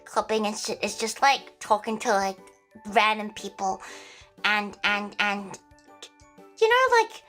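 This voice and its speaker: A woman's voice: mid-range voice, lively intonation, slow, long pauses, a bit bright, soft background music, rough recording. A young woman livestreaming, chatting casually with viewers in a rambling, giggly way with plenty of swearing. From Australia.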